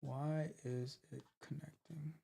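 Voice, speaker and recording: A man coaching on tech during a live coding walkthrough, thinking aloud with halting restarts and trailing off. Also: on the high side, level tone, creaky, warm tone, breathy edge.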